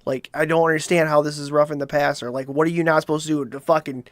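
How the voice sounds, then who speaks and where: A man's voice: a little high, little pitch movement, fast, fairly bright tone, no echo. Swearing, incredulous male show host. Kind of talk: profane comedic commentary.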